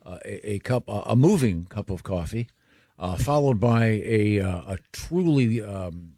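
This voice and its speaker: A man with a fairly low voice hosts a casual morning radio show, drifting through stories with lots of "uh"s and restarts. He sounds middle-aged and relaxed in his banter. The recording is close and dry, with no room sound. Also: a little slow, husky, no echo. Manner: rambling, hesitant, many fillers.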